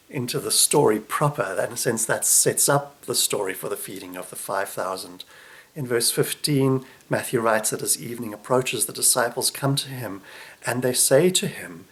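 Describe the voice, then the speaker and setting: Soft-spoken man preaching a reflective sermon. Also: medium pitch, moderate pace.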